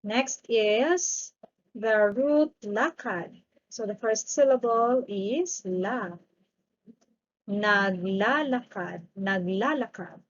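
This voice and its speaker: A female language teacher with a medium-pitched voice gives a grammar lesson very slowly, patiently repeating each word twice in drilled repetition. The recording has its highs cut off.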